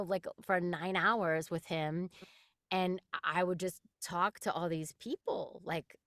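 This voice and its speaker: A middle-aged woman from New York, a voice actress guest chatting in an interview, animated and quick to laugh while acting out quotes. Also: on the low side, no room sound, clean studio sound. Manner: animated storyteller, laughs often, acts out quotes. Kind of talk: casual interview chat.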